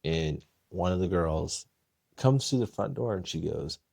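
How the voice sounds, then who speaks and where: A young man telling a story in casual chat, animated and acting out the voices of the people in it. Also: low voice, measured pace, creaky, husky, dry recording, studio quality. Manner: animated, acts out quoted voices. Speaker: podcast guest.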